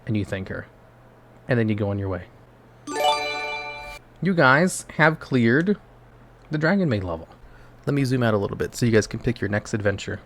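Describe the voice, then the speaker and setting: A man's voice: lowish voice, animated, fairly quick, pauses often. A man casually narrating a choose-your-own-adventure game live for his chat, playful and loose. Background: background music.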